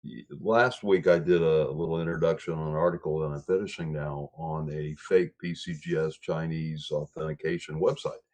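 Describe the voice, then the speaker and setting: A man's voice: very deep voice, fairly even intonation, moderate pace, hardly any pauses, darkish tone. A man talking on a livestream coin panel over a video call, often restarting and repeating words as he thinks. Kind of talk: casual livestream discussion.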